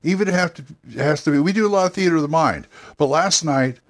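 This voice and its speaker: A man's voice: fairly high pitch, fast. An older man hosting a solo podcast, giving rambling, self-correcting, encouraging advice on running tabletop games. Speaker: podcast host giving game master advice. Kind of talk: casual solo podcast talk.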